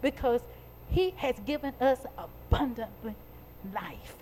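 A woman preaching a sermon to a congregation, talking in call-and-response and building to loud, stretched-out emphatic peaks. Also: fairly high pitch, very animated, a little slow, a little hiss or hum.

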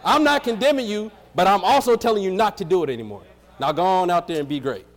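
A preacher doing a laid-back, slangy Jesus. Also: male voice, high-pitched, expressive, fast talker, voice pushed up. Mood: encouraging. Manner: casual, encouraging, slangy.

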